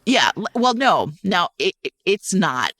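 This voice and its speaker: A woman's voice: lowish voice, big pitch swings, measured pace, fairly bright tone, dry recording. A woman co-hosting a podcast, animatedly retelling a book in casual chat, full of restarts, asides and casual swearing. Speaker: podcast co-host.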